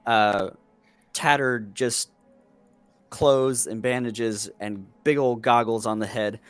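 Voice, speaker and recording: A man narrating a tabletop fantasy game as game master, slow and descriptive. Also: medium pitch, a bit bright, clean tone.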